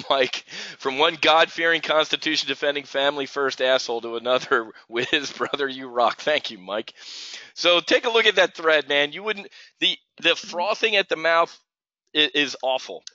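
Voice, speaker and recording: A man's voice: on the high side, lively intonation, normal speed, pushed and bright, dry recording. A middle-aged man from New Jersey hosting a live options trading stream, ranting and replying to viewers in chat by name. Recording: dull lo-fi stream audio.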